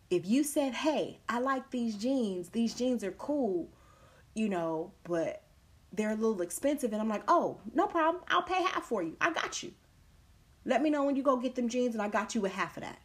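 A woman hosting a solo podcast, talking emphatically and repeating her key points, now and then acting out other people's words in a changed voice. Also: mid-range voice. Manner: acts out quoted people in shifting voices. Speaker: podcast host. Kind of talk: casual solo podcast monologue.

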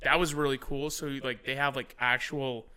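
A man in his thirties telling animated stories in casual podcast chat, swearing and laughing as he goes. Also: mid-range voice, normal speed, a little hiss or hum. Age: 30s. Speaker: podcast host.

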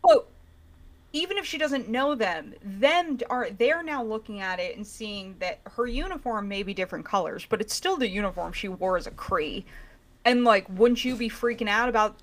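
A woman in casual podcast chat, ranting with animated exasperation. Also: mid-range voice, moderate pace.

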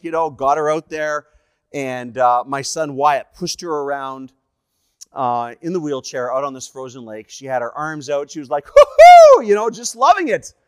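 A Canadian evangelist telling personal stories in a sermon, animated and acting out the voices of the people in them. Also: male voice, fairly high pitch, normal speed, smooth, dry recording, studio quality. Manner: animated, acts out dialogue in the stories. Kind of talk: sermon storytelling.

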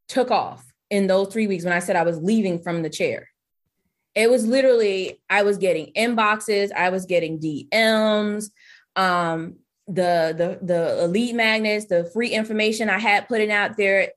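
Animated woman telling her story. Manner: animated storyteller, acts out her own quotes in a higher voice. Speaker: guest, business coach and former hairstylist. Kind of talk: casual conversational interview.

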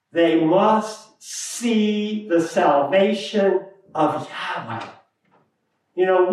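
A male pastor preaching a sermon in a church sanctuary, deliberate and emphatic, repeating key phrases. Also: high-pitched. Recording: echoey room, mic at a distance.

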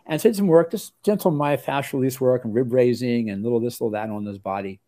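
An older male doctor recalling his training in a relaxed interview. His voice is warm and mellow, and he rambles, restarting sentences and slipping into quoted voices. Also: medium pitch, fast talker. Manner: rambling, with many restarts and lively acted quotes. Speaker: osteopathic family physician, interview guest.

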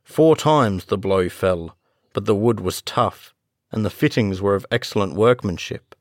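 A man reading a classic gothic story aloud as a narrator, in a slow, measured storytelling manner. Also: on the low side, no room sound, clean studio sound. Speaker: audiobook narrator. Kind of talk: scripted narration.

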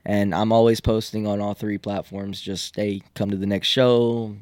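A young man, a comedian, talking fast and loosely with plenty of swearing in a casual podcast chat. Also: fairly low pitch, level tone, a little mellow, no echo, studio quality. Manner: talks fast, swears a lot. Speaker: guest comedian.

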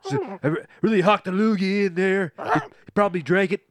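A man's voice: sits high, a little fast, no echo, natural voice. A man voicing a panicked young male hostage who phones his parents, apologizing in an overwrought, stammering way in a comedic script read-through. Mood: frantic.

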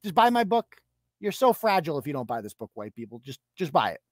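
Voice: medium pitch, very animated, fast talker, dry recording, studio quality, pitched below the performer's own voice. A podcast host mockingly voicing a grasping, preachy activist woman. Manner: whiny, mocking.

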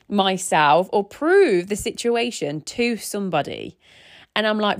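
A woman's voice: medium pitch, expressive, normal speed. A woman in her thirties hosting a casual solo podcast, a chatty, rambling storyteller who often restarts her sentences. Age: 30s. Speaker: podcast host.

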